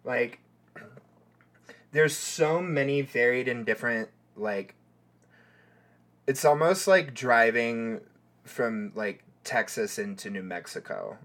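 Podcast cohost talking real slow, lots of likes and ums, just chatting. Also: mid-range voice, a bit bright. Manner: slow, rambling, heavy on "like" and "um". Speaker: podcast co-host. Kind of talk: casual chat.

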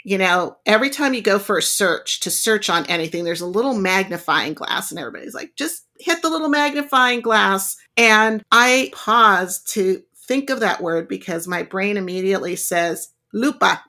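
A woman's voice: mid-range voice, moderate pace, hardly any pauses, sharp tone. A woman whose first language is Spanish, chatting as an interview guest and telling rambling stories. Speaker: guest, jeweler. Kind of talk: casual conversational interview.

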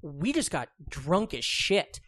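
A man's voice: fairly high pitch, very animated, slow pace, fairly bright tone. A man in his thirties co-hosting a podcast, chatting casually in a rambling, profane way, with lots of fillers and frequent laughs. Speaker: podcast co-host. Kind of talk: casual chat.

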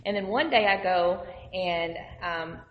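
Woman preacher sharing testimony, lively storyteller, long hall reverb. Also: fairly low pitch, a little slow, muffled recording, a little hiss or hum. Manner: animated, conversational storyteller. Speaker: minister.

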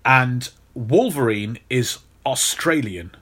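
A man's voice: mid-range voice, lively intonation, slow, a bit bright. A man hosting a podcast, telling a long story in casual chat and often restarting his sentences. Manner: storytelling, repeats words when restarting. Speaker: podcast host.

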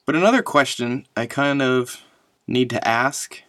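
A man in his thirties talks alone into the mic as the host of his own show, rambling and confessional, often trailing off to reflect. His voice sits at a middle pitch and sounds dry and close, with no room around it. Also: lively intonation, a little slow, a bit bright, no echo. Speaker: podcast host, father. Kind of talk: casual solo monologue.

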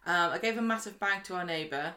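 A woman co-hosting a podcast, chatting in a bubbly, lively way. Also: on the low side, fairly quick. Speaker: podcast co-host. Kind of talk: casual chat. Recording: roomy room sound.

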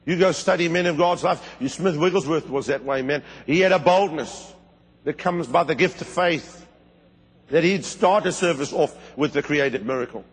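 A man's voice: moderate pace, husky. Fervent preacher man in echoing hall. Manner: fervent storytelling with sudden high bursts. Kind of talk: sermon. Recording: long hall reverb.

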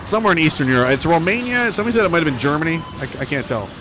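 Man, sarcastic, casual commentary, swinging pitch, fairly high voice. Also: very fast, noisy background. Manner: sarcastic, animated, swears. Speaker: commentary streamer. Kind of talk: casual commentary reading headlines.

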